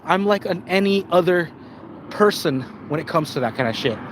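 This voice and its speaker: A man's voice: high-pitched, lively intonation, moderate pace, noisy background. A man hosting his own channel, chatting casually on a live stream, rambling and swearing often, with frequent restarts and stumbles. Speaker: channel host.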